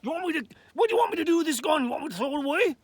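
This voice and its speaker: A man's voice: very high-pitched, very animated, very fast, dry recording, heavily acted. A man playing a dim-witted, eager male sidekick who talks in a rustic, clumsy way. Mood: apologetic.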